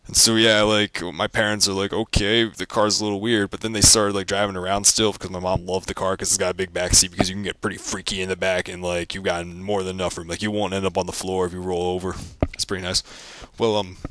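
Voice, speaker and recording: A young man with a low, bright and forceful voice rambles through a casual, jokey rant, stumbling over filler words. His delivery is deadpan and loose, recorded dry and close with no room echo. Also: fast talker, hardly any pauses. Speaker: vlogger.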